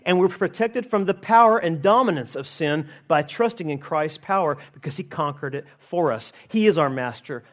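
A man preaching a sermon, emphatic, slowing down to stress key phrases. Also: high-pitched. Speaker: pastor.

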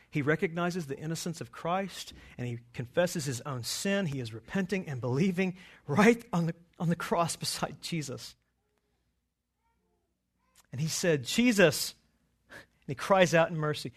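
Slow, emphatic male pastor preaching. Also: on the high side. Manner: slow, emphatic preaching that swells loud on scripture quotes. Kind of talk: sermon.

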